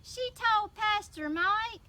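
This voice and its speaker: A woman with a Southern US accent telling a children's story in church, animated and prompting the kids to answer. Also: extremely high pitch, slow. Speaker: children's mission teacher. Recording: distant mic with faint noise.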